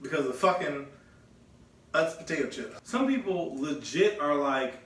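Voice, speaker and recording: A man co-hosting a podcast in casual chat, telling a story with lively energy and acting out both sides of a conversation. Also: fairly high pitch, unhurried. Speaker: podcast co-host. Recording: echoey room, mic at a distance.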